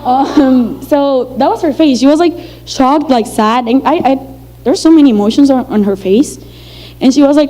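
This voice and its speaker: A woman's voice: sits high, moderate pace, mellow, rough recording. A young woman from Venezuela, telling a personal story to an audience in a chatty, filler-heavy way and acting out the dialogue. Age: young adult.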